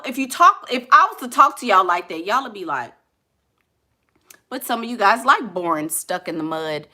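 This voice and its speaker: A woman's voice: medium pitch, big pitch swings, normal speed, sharp tone. A woman vlogger chatting casually and jokingly with her live viewers, laughing often.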